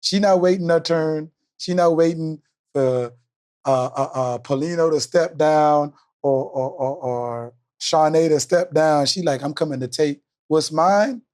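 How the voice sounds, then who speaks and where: High-voiced, teasing man co-host. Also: unhurried, a little mellow. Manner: teasing, laid-back, laughs often. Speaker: co-host and coach. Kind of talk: casual sports chat.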